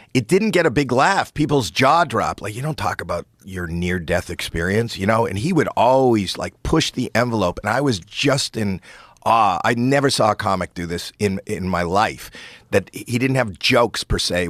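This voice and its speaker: A comedian guest, a man telling a stage story in an animated, halting way with many restarts. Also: lowish voice, no room sound, clean studio sound. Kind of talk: storytelling in a podcast chat.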